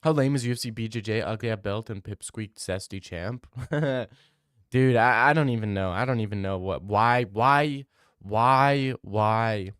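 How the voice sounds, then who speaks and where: A man's voice: lowish voice, a little slow, fairly bright tone, clean tone, dry recording, clean studio sound. Rambling young man reading live chat. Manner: rambling, opinionated, repeats himself. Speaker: streamer.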